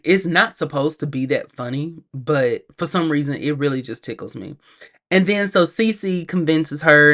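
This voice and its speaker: A woman with a slightly low-pitched voice reviews a film in a loose, conversational way. She is lively and chatty, laughs easily, and speaks straight to her viewers as if they were friends. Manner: chatty and animated, laughs often; addresses viewers directly, acts out characters' lines. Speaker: movie reviewer. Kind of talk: casual movie review.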